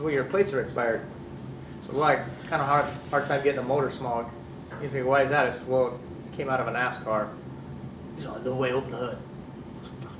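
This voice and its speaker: A middle-aged man from California, an instructor who tells lively stories in class, acting out voices and swearing casually. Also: mid-range voice, a little hiss or hum. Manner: animated storyteller, acts out voices, swears casually. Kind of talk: anecdotes in a class. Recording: echoey room, distant mic.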